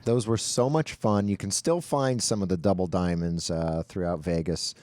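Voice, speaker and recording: A man's voice: low-pitched, normal speed, darkish tone, no echo. A man co-hosting a casual show, reading viewer letters aloud and chatting in an easygoing way with fillers. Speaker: show co-host.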